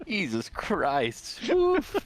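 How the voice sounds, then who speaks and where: A man's voice: high-pitched, wildly swooping pitch, extremely slow. A man co-casting a live esports match, joking around and breaking down the draft. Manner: playful, joking banter. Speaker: esports co-caster. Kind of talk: live game commentary.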